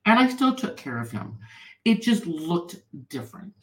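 A woman guest telling her personal story in an interview, earnest and animated. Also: on the low side, moderate pace, reverberant, poor audio.

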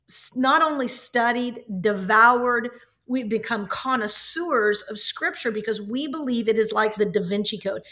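A woman guest, a business speaker and author, talking in an animated, emphatic, preacherly way about faith and business. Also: on the high side. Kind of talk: faith-based business interview.

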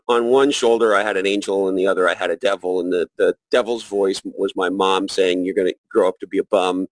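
A middle-aged man with a lowish voice speaks as a guest on a podcast. He talks in a reflective, unhurried way, with frequent restarts and fillers. The recording is dry and close. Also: dry recording, low-quality recording. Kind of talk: casual interview conversation.

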